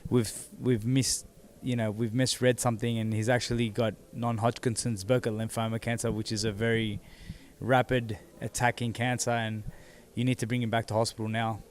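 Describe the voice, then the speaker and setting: A man, seated as an interview guest, telling his own story in a halting way that repeats words as he goes. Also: medium pitch, little pitch movement, slight background noise. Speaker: interview guest, former boxing champion. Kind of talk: candid personal storytelling.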